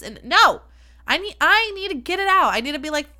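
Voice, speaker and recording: A woman's voice: high voice, lively intonation, fairly quick, pushed and bright. A woman hosting her own podcast, talking candidly and chattily, swearing freely and poking fun at herself. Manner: frank, swears freely, chatty and self-deprecating. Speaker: podcast host. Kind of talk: candid solo podcast talk.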